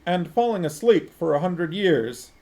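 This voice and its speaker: A man's voice: high voice, animated, measured pace, a little mellow, pitched above the performer's own voice. A man voicing a pompous pipe-smoking monarchist who lectures in a ponderous, stolid way. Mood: lecturing.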